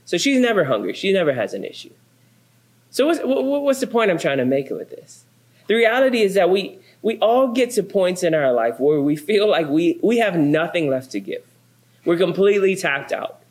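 A man's voice: sits high, moderate pace. A pastor in his thirties giving a sermon, telling funny stories about his family and acting out their lines. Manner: animated storytelling, acts out quotes.

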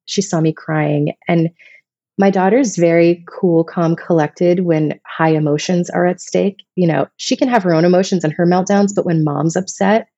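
A woman's voice: on the low side, fairly even intonation, normal speed, mellow, no room sound, highs cut off. A woman in her thirties from Vermont, telling personal stories in a casual, emotional, rambling way as a podcast guest. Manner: emotional, rambling, many restarts.

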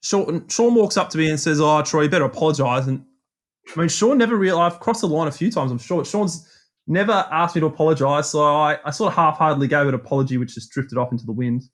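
An Australian man co-hosting a casual podcast chat, spinning long anecdotes with a lively, self-mocking streak. His voice sits a little high for a man. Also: fast talker. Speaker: podcast co-host.

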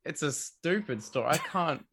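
A man's voice: on the high side, lively intonation, moderate pace, fairly bright tone, husky, no room sound. A young Australian man with an Australian accent, a laid-back, slangy podcast guest in casual chat.

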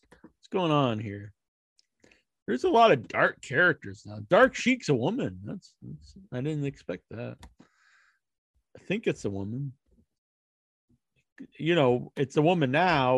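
Man, solo host, casual rambling commentary, jokey and crude, high lively voice. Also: no room sound. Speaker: host counting down a wrestler ranking.

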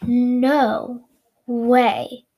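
A woman's voice: fairly high pitch, flat delivery, drawn-out words, mellow. A woman voicing a boastful runaway turkey who teases the people chasing it, in a told story. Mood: smug. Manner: taunting, sing-song boasts.

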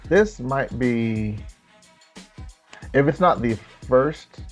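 Man, game show host, slow delivery, wry, laughs between lines. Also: medium pitch, animated, faint music behind. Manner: wry, laughs often, announces scores. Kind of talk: podcast game show hosting.

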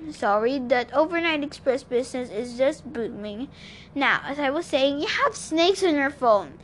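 Hermes, a woman doing a breezy, relaxed male god. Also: sits high, normal speed, a little hiss or hum. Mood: easygoing. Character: calm, easygoing male god disguised as a jogger.

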